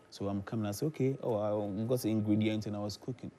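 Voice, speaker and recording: A man with a Ghanaian accent chatting as a talk show guest, telling animated stories and acting out quotes. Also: on the low side, fairly quick. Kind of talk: casual chat, storytelling.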